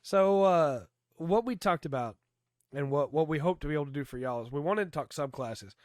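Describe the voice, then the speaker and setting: A man co-hosting a podcast about tabletop game rules, hoarse and losing his voice from a cold, chatty and explaining with lots of fillers. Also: fairly high pitch, animated, brisk, darkish tone, no room sound, studio quality. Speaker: podcast co-host.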